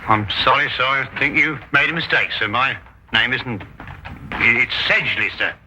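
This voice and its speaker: An actor playing Dr. Watson, a loyal and easily flustered Victorian doctor who stammers earnestly, in 1950s television drama style. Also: male voice, medium pitch, unhurried, sharp tone, a little hiss or hum. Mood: stiff. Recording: dull lo-fi 1950s TV soundtrack.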